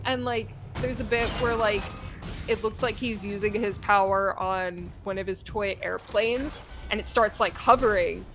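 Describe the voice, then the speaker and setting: A woman's voice: medium pitch, fairly even intonation, measured pace, fairly bright tone, soft background music. A woman streamer casually retelling a story in a rambling way, with many fillers.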